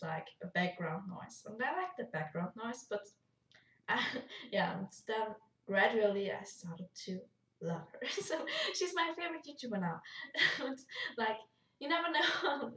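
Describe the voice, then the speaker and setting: A young woman with a German accent, chatting casually in a rambling vlog and laughing often. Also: medium pitch. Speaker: YouTuber. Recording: echoey room, far from mic.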